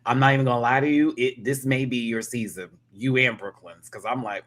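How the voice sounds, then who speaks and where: A man's voice: mid-range voice, lively intonation, a little fast, few pauses, fairly bright tone. A man giving a sassy, dramatic casual rant reviewing a reality TV episode, with cackling asides.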